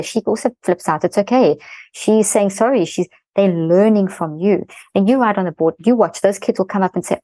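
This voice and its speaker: A middle-aged woman, a guest expert in an interview, explaining a parenting method in fast-flowing, animated talk. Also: medium pitch, no room sound, low-quality recording.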